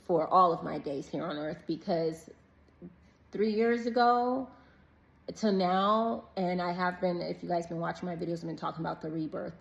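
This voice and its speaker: A woman's voice: lowish voice, vocal fry, poor audio. A woman vlogging on vacation, earnestly and emotionally sharing a faith testimony in casual, preacher-like talk. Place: on vacation, about to eat breakfast.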